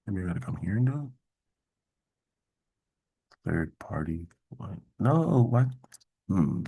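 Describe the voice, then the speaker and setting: Gravelly, very deep-voiced man thinking aloud. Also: lively intonation, warm tone. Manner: thinks aloud, halting with fillers, mildly exasperated. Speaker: workshop host. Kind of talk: casual screen-share coding walkthrough.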